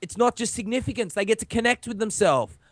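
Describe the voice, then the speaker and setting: An Australian man co-hosting a podcast, laid-back and jokey with slang and swearing, his voice a little rough from being sick. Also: high voice, quick pace, no echo. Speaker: podcast co-host. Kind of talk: casual podcast chat.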